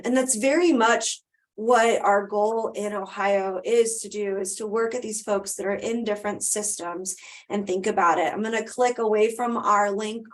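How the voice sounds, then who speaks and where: Conversational woman presenting a webinar. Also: mid-range voice. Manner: conversational, with frequent ums and restarts. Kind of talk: live webinar Q&A and wrap-up. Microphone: video call.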